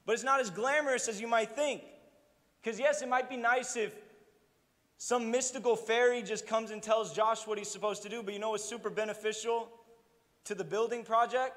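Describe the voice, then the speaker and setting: A young pastor preaching with a very high voice, keeping his sermon loose and funny with plenty of asides to the room. His words trail off into a long, ringing reverb from the church sanctuary. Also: steady tone, moderate pace, a bit bright. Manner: casual, humorous preaching with asides.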